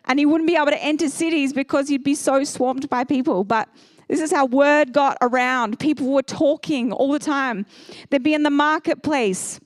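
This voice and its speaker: High-voiced woman preaching. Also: dry recording, clean studio sound. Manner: animated storyteller, acts out characters. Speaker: pastor. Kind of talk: sermon.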